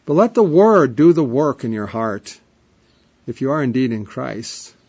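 A man preaching an emphatic sermon, repeating refrains, with his voice swelling up and dropping to a hush. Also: medium pitch, big pitch swings, a little slow, breathy edge. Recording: dull lo-fi sermon recording.

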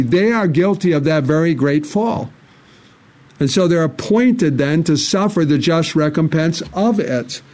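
Man, preacher, earnest sermon delivery, somewhat high voice, scripture reading, repeated questions. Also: a little mellow. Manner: earnest, repetitive rhetorical questions; reads scripture aloud in King James wording.

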